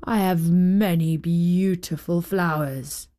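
A woman voicing a huge old male giant in a storybook reading, speaking slow, deep and weighty. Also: steady tone, dark tone. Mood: tender.

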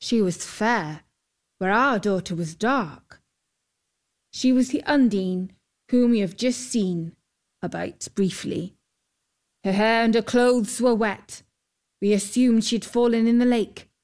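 A woman voicing a gentle, grieving old fisherman in a storybook, telling his tale slowly and softly. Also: on the high side. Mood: wistful.

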